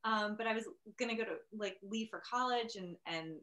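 A woman's voice: mid-range voice, brisk, fairly bright tone. Chatty woman telling a story. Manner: chatty storyteller with many fillers. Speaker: panelist. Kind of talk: casual chat.

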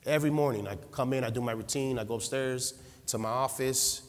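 A man preaching a sermon in a church, swinging from loud fervent calls to quiet personal storytelling. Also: mid-range voice, a little fast. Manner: impassioned, rising to shouts then dropping to quiet storytelling. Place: church sanctuary. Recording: husky voice in a long-reverb hall.

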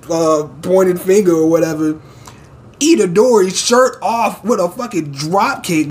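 A man hosting a manga chapter reaction, reading panels aloud with excitable, profane commentary and frequent laughter. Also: on the high side.

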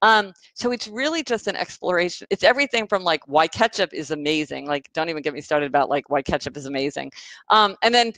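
A woman author answering questions in a casual interview over a video call, telling stories in a chatty, animated way with lots of fillers. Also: on the low side, no echo, low-quality recording. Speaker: author guest.

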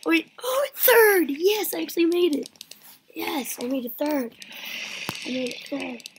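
A young woman giving casual, excitable gameplay commentary that swings between pleading, gasping and rambling. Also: very high voice, measured pace. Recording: noisy home mic recording.

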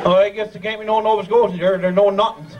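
A man's voice: high voice, level tone, fast talker, dull audio, background noise. A man with a Newfoundland accent emceeing a live community ceremony, joking and teasing in broad dialect. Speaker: master of ceremonies. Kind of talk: live comic emcee patter. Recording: distant mic over a crowd.

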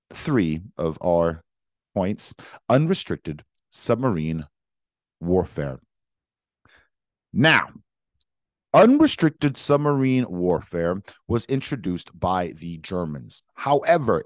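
A man's voice: fairly low pitch, no room sound, studio quality. A young man giving an emphatic history lecture, repeating words and speaking for both sides in first person. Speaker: history teacher.

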